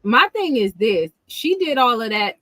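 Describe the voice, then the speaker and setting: A woman hosting a casual livestream, telling stories in an animated way with lots of laughter and slang. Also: a little high, unhurried, no room sound. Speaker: livestream host.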